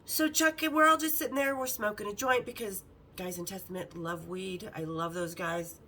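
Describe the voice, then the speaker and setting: A woman hosting a podcast, telling candid, bawdy stories in a lively, casual way and acting out the other people in them. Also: medium pitch, moderate pace, a little hiss or hum, poor audio. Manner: lively, acts out the others' lines in her story. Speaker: podcast host. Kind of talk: casual storytelling.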